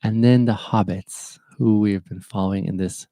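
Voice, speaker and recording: A man's voice: fairly low pitch, steady tone, moderate pace, warm tone, no room sound. A man in his thirties or forties hosting a podcast, telling a story in an earnest, rambling way with many fillers. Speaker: podcast host. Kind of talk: casual chat.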